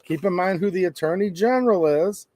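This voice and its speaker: Middle-aged male commentator, animated and sarcastic, dry close mic. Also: sits high, a little fast, dry recording. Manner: animated, sarcastic asides, acts out quoted people. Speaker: gun-rights channel host. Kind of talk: opinionated commentary.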